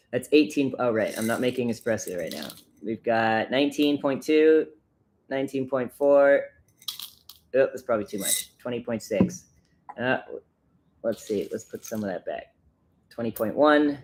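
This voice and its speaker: A man's voice: mid-range voice, a little slow, long pauses, darkish tone, a little hiss or hum. A man from the United States hosting a casual livestream, chatting and laughing while he brews coffee. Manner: chatty, self-deprecating, laughs often. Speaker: livestream host.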